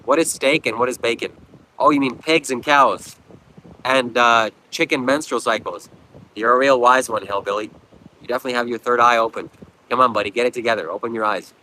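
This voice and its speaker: Guy doing a livestream, bright voice, preachy and kinda mocking, reads chat out. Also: medium pitch, fairly quick, low-quality recording. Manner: preachy, blunt, mocking viewers. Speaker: livestream host. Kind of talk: live stream chat reading. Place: outdoors at a beach.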